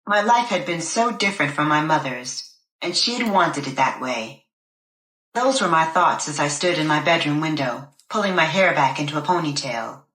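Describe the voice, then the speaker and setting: Woman, audiobook narrator, fairly low voice, steady deliberate reading, echoey room. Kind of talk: scripted first-person audiobook narration. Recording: roomy echo.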